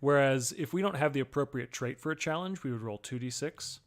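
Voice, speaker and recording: A man's voice: medium pitch, a little fast. A man co-hosting a casual chat, explaining the rules of a tabletop game step by step with examples. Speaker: co-host and player.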